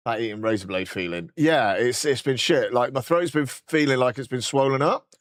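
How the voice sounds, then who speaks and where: British man, hoarse sore throat, casual streamer chat, swears a lot, dry close sound. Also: medium pitch, brisk, no room sound. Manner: sweary, rambling, clears throat often. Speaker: game streamer.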